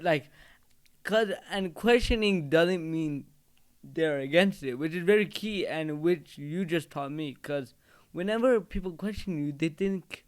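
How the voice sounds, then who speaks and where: Smooth-voiced, affirming podcast host. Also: male voice, fairly high pitch. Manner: rambling, filler-heavy, affirming. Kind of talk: casual interview chat.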